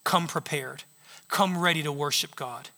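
A man pastor preaching a sermon in a church, telling stories with animated retellings of what others said. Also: on the high side, a little slow, gravelly. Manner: animated storytelling, acting out quotes. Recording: long reverb of a large hall.

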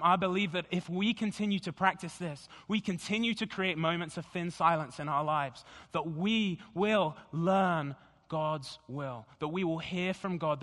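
A pastor speaking slowly and deliberately in a sermon, guiding the congregation through a scripture meditation. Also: male voice, a little high. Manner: slow, deliberate and gentle. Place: church sanctuary. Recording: long hall reverb.

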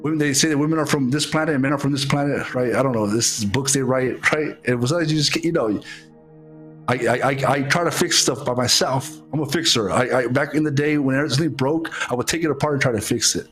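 A man preaching an online sermon, halting and repeating his words, earnest and heartfelt, calling viewers to prayer. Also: medium pitch, fairly bright tone, soft background music. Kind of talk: online sermon with altar call.

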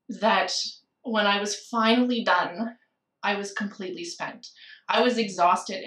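A woman's voice: mid-range voice, a bit bright, echoey room, distant mic. A woman candidly telling a personal story of grief, reflective and at times tearful. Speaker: guest sharing a personal story.

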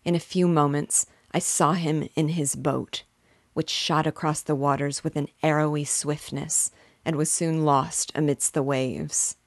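A woman hosting a read-along, reading a classic novel aloud in a measured, clear way. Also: low-pitched, fairly even intonation, no room sound, studio quality.

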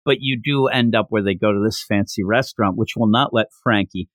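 A man hosting a podcast, recapping a manga chapter in a casual, animated way and acting out the characters' lines. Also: lowish voice, fairly quick, no room sound, studio quality. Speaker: podcast host.

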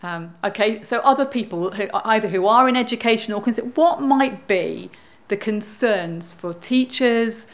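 A woman's voice: fairly high pitch, normal speed, hardly any pauses. Female worship leader, informal, talks with the congregation. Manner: informal, chatty address to the congregation. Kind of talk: leading a church service.

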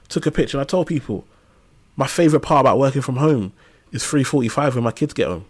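A man in his thirties, talking as a podcast guest. He speaks in an animated, storytelling way, full of casual slang and everyday asides, at a mid pitch for a man. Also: fast. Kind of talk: casual conversational interview.

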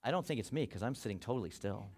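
A pastor preaching a sermon to his congregation, animated, acting out people's worries in quick quoted asides. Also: fairly low pitch, very noisy.

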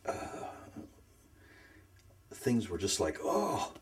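A man telling his faith story in a casual conversation, earnest and emotional, often pausing to search for words. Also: deep voice, animated. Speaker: guest sharing faith story.

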